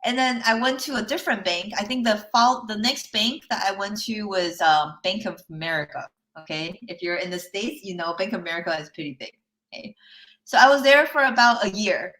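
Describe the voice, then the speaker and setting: A woman's voice: medium pitch, fairly quick, a bit bright. A woman life coach giving a live online workshop, telling a personal story in a chatty way, often checking in with listeners and laughing lightly between points.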